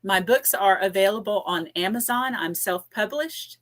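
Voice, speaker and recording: A woman from Tennessee, a podcast guest who calmly and steadily promotes her books. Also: medium pitch. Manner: measured, unhurried promotion. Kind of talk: casual chat.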